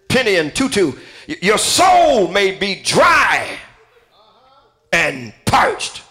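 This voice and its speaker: Male pastor, sermon, high voice, bright tense tone, calls out names, shouted build-ups. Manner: calls out listeners by name, builds to shouted repeated phrases.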